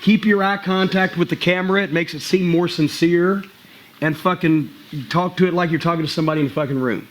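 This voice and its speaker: A man's voice: high-pitched, fairly even intonation, a little fast, fairly bright tone, slight background noise. A middle-aged man coaching wrestlers in a gym, blunt and profane, mixing advice with wry stories. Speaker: wrestling trainer giving a seminar.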